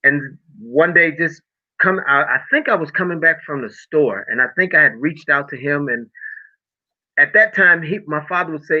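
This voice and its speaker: A middle-aged man appears as a podcast guest, sharing an emotional, preacher-like personal story of faith and healing in conversation. His voice is a little high with lively intonation and a moderate pace, and the audio sounds tinny, like a phone.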